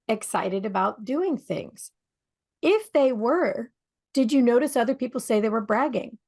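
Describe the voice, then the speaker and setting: A woman co-hosting a radio talk show, talking in a lively storytelling way and asking her listeners rhetorical questions. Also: medium pitch. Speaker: podcast co-host.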